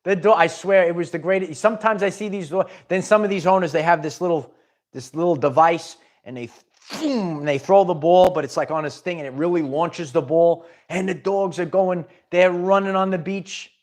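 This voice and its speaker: An emphatic man delivers a spiritual pep talk to his viewers. His voice sits a little higher than most men's. He repeats phrases and restarts his sentences often. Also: moderate pace. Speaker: spiritual channel host.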